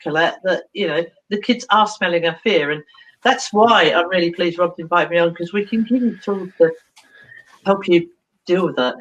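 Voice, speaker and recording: A woman's voice: lowish voice, moderate pace, dull audio. A woman, a therapist, telling a story animatedly in an interview, acting out voices and laughing often. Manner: expressive, acts out dialogue, laughs often.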